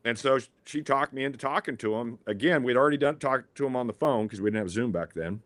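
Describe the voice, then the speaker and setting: A man's voice: mid-range voice, quick pace, fairly bright tone, no room sound. A man, a former athletic director, telling an earnest, rambling story with many restarts in a podcast interview.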